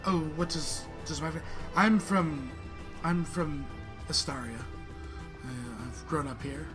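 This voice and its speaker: A man playing a merchant's daughter who admits things a bit reluctantly, halting and candid. The voice stays fairly high for a man, with music behind. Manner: hesitant, confessional.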